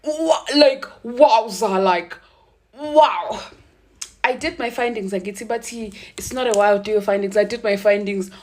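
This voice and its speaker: A woman with a South African accent telling a casual storytime, animated, switching between English and isiZulu and laughing often. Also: mid-range voice, measured pace.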